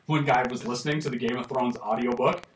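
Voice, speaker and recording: A man's voice: mid-range voice, fairly even intonation, quick pace. A man hosting a podcast in casual chat, rambling and laughing as he tells stories. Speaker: podcast host. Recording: echoey room, mic at a distance, faint hiss.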